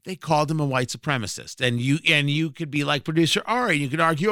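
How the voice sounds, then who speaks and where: A man's voice: fairly high pitch, fast talker, pushed and bright, dry recording. Male talk-radio host, combative and emphatic, piercing tone, dead-dry studio sound. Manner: combative, emphatic, sarcastic asides. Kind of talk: opinionated political commentary.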